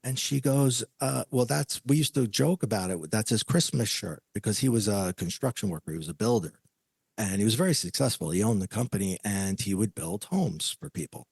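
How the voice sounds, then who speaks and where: Man, podcast guest, animated storyteller, gravelly, husky, dry close sound. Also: lowish voice, fairly quick, no room sound. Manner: animated storyteller, acts out quoted voices.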